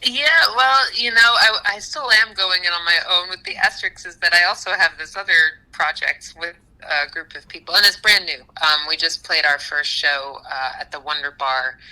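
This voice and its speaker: A woman musician chatting casually in an interview, animated, with frequent laughs and fillers. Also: fairly low pitch, normal speed, few pauses, rough recording. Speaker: musician guest.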